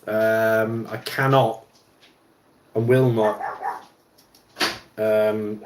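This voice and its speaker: A man's voice: mid-range voice, reverberant, background noise. A man hosting a casual livestream while fixing an RC car at his bench, rambling with lots of ums and restarts. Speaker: livestream host. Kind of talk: casual chat while wrenching.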